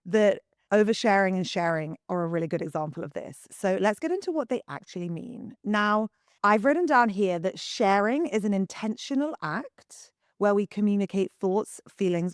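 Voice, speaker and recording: A young woman hosting a solo podcast, husky from the early morning, talking frankly to listeners as if to close friends. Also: medium pitch, lively intonation, normal speed, dry recording. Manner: candid, confiding, talks to listeners like friends. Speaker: podcast host and wellness coach. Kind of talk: chatty solo podcast monologue.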